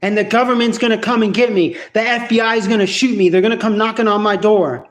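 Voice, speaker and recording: A man's voice: high-pitched, steady tone, quick pace. A man ranting casually to camera in a vlog at home, profane and rambling with many restarts. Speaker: vlogger.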